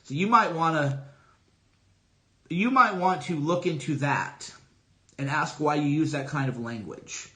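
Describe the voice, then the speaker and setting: A man's voice: a little high, unhurried, pauses often, bright, forceful tone. A middle-aged man on a solo livestream, talking casually with boastful, emphatic, repetitive declarations. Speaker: livestream host. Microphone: streaming from a phone.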